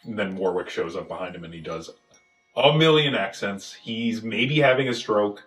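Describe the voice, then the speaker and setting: Male podcast host, lowish voice, animated recap delivery, echoey room with faint music. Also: moderate pace. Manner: animated, acts out scenes in silly voices. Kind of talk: casual movie recap chat.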